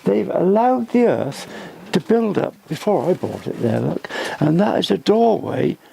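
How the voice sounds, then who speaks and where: An older inn owner giving a rambling tour, tired and halting, often restarting his sentences. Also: sits high, sing-song, creaky, mellow, slight background noise. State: tired, voice fading. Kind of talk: rambling casual talk. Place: old inn, indoors.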